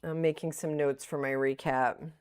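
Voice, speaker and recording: A woman's voice: deep voice, steady tone, normal speed, a little mellow, smooth. A middle-aged woman livestreaming her day trades, thinking aloud and openly scolding herself over her mistakes. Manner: thinking aloud, self-critical, breaks into laughs. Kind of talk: live-streamed trading commentary.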